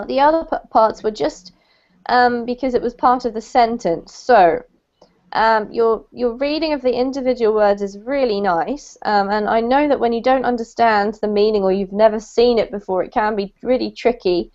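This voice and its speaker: A woman English teacher giving an online lesson, encouraging and modeling words slowly over a video call. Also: on the high side, a little mellow. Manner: encouraging, clarifies pronunciation with slow modeled words. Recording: dull lo-fi call audio.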